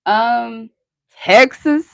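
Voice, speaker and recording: A woman's voice: on the high side, drawn-out words, gravelly, a bit bright, no room sound, clean studio sound. A young woman hosting a live-stream tarot reading, chatty and rambling, answering her chat and laughing often.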